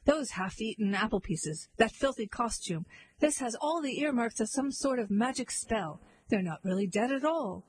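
A woman's voice: fairly high pitch, expressive, moderate pace, slightly rough, rough recording. A woman voicing a scheming male giant leader in a storybook reading, firm and authoritative. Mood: commanding. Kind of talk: storybook character voice.

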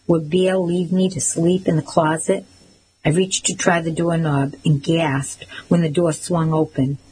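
A woman narrating a first-person novel, measured and expressive. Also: low voice, a little hiss or hum, rough recording. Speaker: audiobook narrator.

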